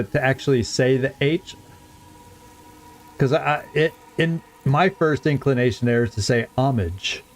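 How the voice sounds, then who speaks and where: Playing a game, a middle-aged man rambles casually in his let's play commentary and chuckles frequently. He has a mid-range, darkish voice.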